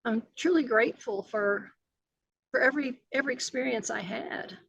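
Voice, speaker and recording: A woman's voice: sits high, animated, moderate pace, creaky, a bit bright, slightly rough, rough recording. An older woman, a retired agency director answering interview questions earnestly, with many fillers and restarts.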